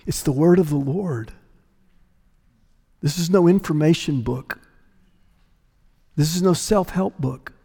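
A man's voice: on the high side, takes it slowly, long pauses, dark tone, breathy edge, big-room sound. A male pastor preaching a sermon with an emphatic, repetitive cadence.

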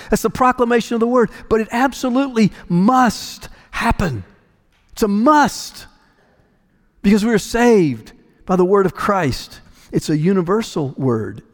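A man's voice: high voice, in a large hall. A male pastor preaching a sermon with an emphatic, repetitive cadence.

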